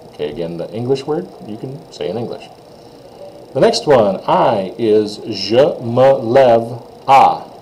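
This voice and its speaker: A man teaching French pronunciation in a casual lesson, stretching out model phrases slowly and tossing in quick asides. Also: mid-range voice, lively intonation, warm tone, slight background noise, rough recording.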